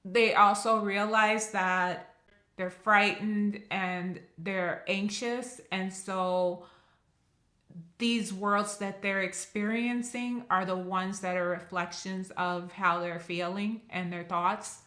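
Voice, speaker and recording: A woman recapping a show in casual narration, animated and acting out the characters' lines. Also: medium pitch, takes it slowly. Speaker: recap host. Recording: roomy echo.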